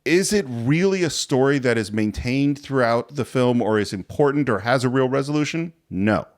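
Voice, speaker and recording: A man's voice: mid-range voice, lively intonation, normal speed. A man hosting a casual film podcast, enthusiastic, often laughing and acting out scenes. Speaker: podcast host.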